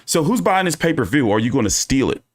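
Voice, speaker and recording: A man's voice: mid-range voice, big pitch swings, fast. Profane, ranting male boxing streamer. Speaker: boxing channel host. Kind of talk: casual livestream commentary.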